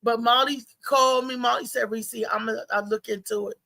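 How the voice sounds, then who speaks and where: High-pitched, gravelly chatty woman host. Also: fairly quick, no echo. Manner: chatty storytelling, animated. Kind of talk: casual live show chat.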